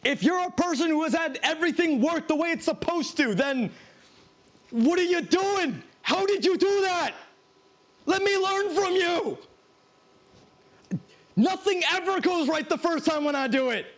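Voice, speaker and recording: A man's voice: very high voice, lively intonation, a little slow, long pauses, a bit bright. A man who streams himself cooking, chatting casually in a rambling, self-mocking way and laughing often. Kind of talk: casual live-stream chat while cooking.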